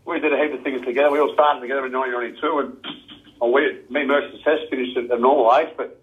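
A man's voice: mid-range voice, fairly even intonation, very fast. Laid-back Australian man on a phone line. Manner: laid-back, says "mate" constantly, chuckles often. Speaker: guest, former footballer. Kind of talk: casual radio interview.

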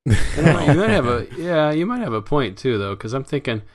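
Animated, self-mocking man. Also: brisk. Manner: animated, acts out his own past reactions in a high voice; self-deprecating. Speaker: podcast co-host. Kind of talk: casual chat.

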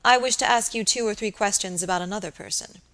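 A woman's voice: medium pitch, quick pace, a bit bright, natural voice. A woman reading an audiobook and voicing a grave, suspicious young male barrister who speaks with insistent earnestness.

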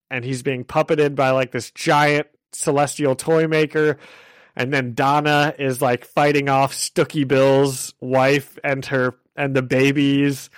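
A young man co-hosting a podcast, recapping a show in an excited, rambling way full of "like". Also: a little high, clear, resonant tone, no room sound. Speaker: podcast co-host. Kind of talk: casual chat.

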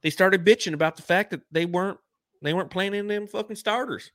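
A man's voice: sits high, brisk, a bit bright, no room sound. A man co-hosting a casual sports podcast, joking and swearing as he breaks down the game. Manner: joking, swearing, mock cowboy drawl at times. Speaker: podcast co-host.

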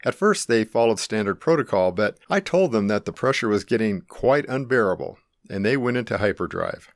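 A middle-aged man calmly and earnestly narrating his own life-or-death experience in the first person. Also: fairly low pitch, fairly quick, dry recording, clean studio sound. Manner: calm, earnest, reflective.

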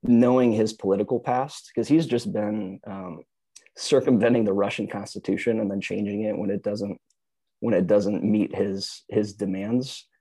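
Casual podcast co-host, a man with a dark, husky voice who rambles through stories with dry close sound. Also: fairly low pitch, fairly even intonation, normal speed, no echo. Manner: rambling storyteller, many "like"s and restarts. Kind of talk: casual chat.

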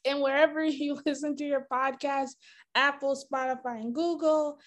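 A woman's voice: high voice, fairly even intonation, normal speed. A woman hosting a podcast, emotional and laughing as she signs off to her listeners. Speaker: podcast host. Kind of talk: podcast sign-off.

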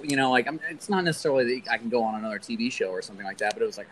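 A man's voice: medium pitch, steady tone, rapid-fire, few pauses, a bit bright, rough recording. A young man chatting casually as a podcast guest, laid-back and rambling, often laughing. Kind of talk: casual chat.

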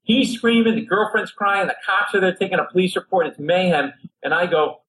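A middle-aged man from Rhode Island spins a comic anecdote on a talk show. His voice sits a touch high for a man, and he jumps into other people's voices as he tells it. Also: a little fast, poor audio. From Rhode Island, USA. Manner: lively anecdote teller who acts out other people's voices. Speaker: comedian guest. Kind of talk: animated storytelling on a talk show.

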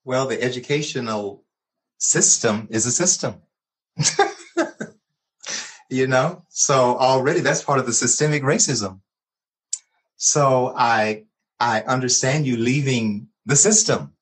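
A man's voice: medium pitch, slow pace, long pauses, husky. A man who works as a therapist, speaking thoughtfully on a panel. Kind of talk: casual panel discussion.

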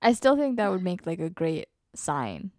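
A woman's voice: lowish voice, sing-song, normal speed, darkish tone, dry recording, clean studio sound. A woman co-hosting a casual podcast, trading playful jokes. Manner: playful, jokey banter. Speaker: co-host.

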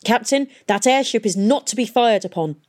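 A woman's voice: on the high side, unhurried, voice pushed up, natural voice. Woman voicing a commanding desperate father. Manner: forceful, commanding.

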